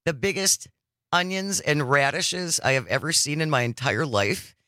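A man's voice: a little high, moderate pace, bright, forceful tone, no echo, clean studio sound. A man hosting a radio talk show, chatting enthusiastically with a co-host and callers. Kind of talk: casual radio chat.

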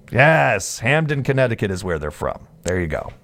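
A man's voice: medium pitch, big pitch swings, fairly quick, a bit bright. Male sports radio host, casual and jokey, mid-range voice, stumbles and restarts often. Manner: chatty, jokey asides, frequent restarts.

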